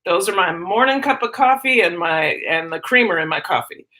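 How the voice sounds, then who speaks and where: A woman hosting a casual live stream, chatting excitedly and greeting viewers by name. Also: fairly low pitch, moderate pace.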